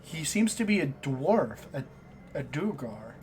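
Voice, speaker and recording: A man narrating a tabletop game as game master, halting and restarting as he describes the scene. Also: a little high, sing-song, a little mellow.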